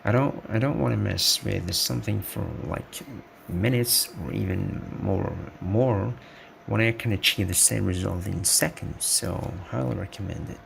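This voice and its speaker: Slow, gravelly-voiced man explaining code. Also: lowish voice, background noise. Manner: unhurried, halting explanation with restarts. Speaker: web development tutor. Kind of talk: screencast coding tutorial.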